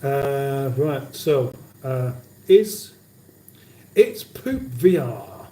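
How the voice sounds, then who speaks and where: Broadcasting a cooking livestream from his home kitchen, a man chats casually and reads viewer comments aloud with dry banter. His medium-pitched voice is animated but extremely slow, with a dark tone, and the roomy kitchen sound suggests he's some distance from the mic.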